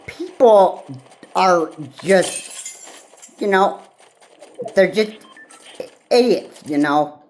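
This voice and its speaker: A woman vlogger in a rambling solo rant, halting and repetitive, with frequent pauses and fillers. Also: on the low side, animated, darkish tone, slight background noise, low-quality recording.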